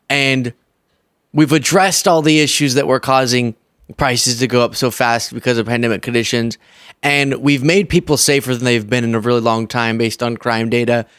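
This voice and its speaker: Sarcastic man with a smooth dry voice. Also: medium pitch, a bit bright, dry recording. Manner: sarcastic, mock outrage. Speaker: political commentary host. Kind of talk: political commentary.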